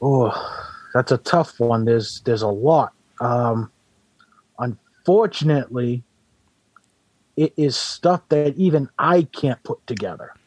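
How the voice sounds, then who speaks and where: A man's voice: mid-range voice, slow, darkish tone, breathy edge, no room sound. A man playing an easygoing Santa Claus with a Boston accent, answering interview questions in an improvised comedic chat. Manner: easygoing, agreeable, short replies. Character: jolly male Santa Claus guest.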